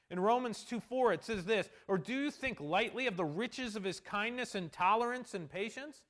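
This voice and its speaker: A man with a high voice preaching a sermon as a pastor. He talks earnestly and slows down to press home the verses he quotes. He drops into quiet asides and then rises to loud emphasis. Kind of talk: expository sermon.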